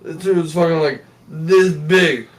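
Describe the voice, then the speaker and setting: A man co-hosting a casual podcast, chatting in a relaxed way and swearing easily. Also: a little high, takes it slowly. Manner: relaxed, swears, laughs along. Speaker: podcast co-host. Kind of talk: casual chat.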